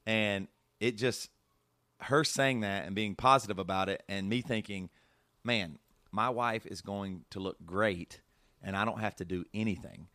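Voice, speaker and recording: A man's voice: lowish voice, a little slow, bright, forceful tone, no room sound. A man hosting a casual podcast, talking earnestly and emotionally with many restarts. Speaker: podcast host.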